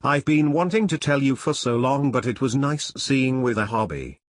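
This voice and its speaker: A man's voice: medium pitch, expressive, moderate pace, dry recording, clean studio sound, lightly acted. A man voicing a middle-aged cat lady, a gangster's mother, confessing in a pleading way.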